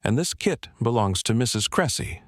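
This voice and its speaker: A man reading the lines of a sharp-eyed elderly woman sleuth, quiet and pointed. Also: mid-range voice, animated, moderate pace, no echo, clean studio sound. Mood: probing.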